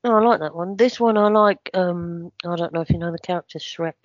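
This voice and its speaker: A man's voice: high-pitched, a little fast, no echo, dull audio. A man, co-hosting a running podcast with playful, mock-panicked banter. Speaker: podcast co-host. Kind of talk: joking banter, mock-conspiratorial bit.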